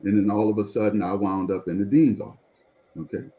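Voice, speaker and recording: A pastor telling a personal testimony in conversation, animated and repeatedly drawing the listener in to follow along. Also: male voice, fairly low pitch, fairly quick, highs cut off.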